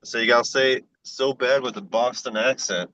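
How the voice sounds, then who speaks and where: A man's voice: mid-range voice, steady tone, a little fast, sharp tone, no echo. Dry-humored man on a muffled call. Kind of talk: casual team call chat. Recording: dull dry video call audio.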